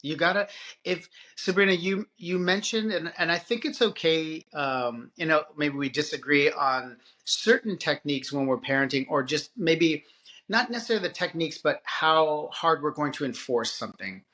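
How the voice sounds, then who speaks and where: Brief: man, podcast co-host, slightly high and bright tone, lively halting chat. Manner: animated, halting with restarts and filler. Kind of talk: casual conversation.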